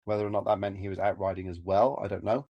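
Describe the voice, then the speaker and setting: West country bloke, lowish voice, rambling podcast chat, dry close mic. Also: male voice, level tone, quick pace, dry recording, muffled recording. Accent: West Country English. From Gloucester, England. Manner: chatty, rambling, lots of ums and uhs. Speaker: podcast co-host and commentator.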